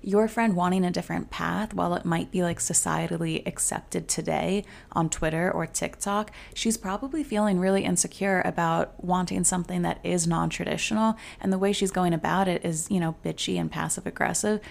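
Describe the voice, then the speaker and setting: A woman's voice: lowish voice, fairly even intonation, fairly quick, gravelly, few pauses. A woman hosting her own podcast, talking casually and filling her speech with "like"; she calls herself hot-headed and fiery. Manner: chatty, many filler "like"s. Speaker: podcast host. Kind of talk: casual solo podcast advice. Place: home closet.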